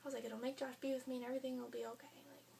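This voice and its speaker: High, gravelly young woman telling her story. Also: little pitch movement, very fast, mellow. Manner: chatty, frequent "like", quoting others in her own voice. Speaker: vlogger. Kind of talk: casual storytelling. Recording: faint hum, a bit far from the mic.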